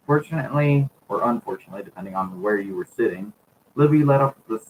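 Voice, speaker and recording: A man's voice: mid-range voice, normal speed, a little hiss or hum, poor audio. A man reading a children's book aloud for a video, repeatedly cracking up with laughter. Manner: giggly, keeps cracking up while reading.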